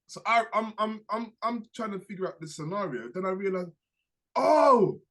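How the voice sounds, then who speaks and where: Young man, podcast co-host, slangy storyteller, bright voice. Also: high-pitched, normal speed. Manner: animated, acts out quoted voices, slangy. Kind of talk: casual storytelling chat.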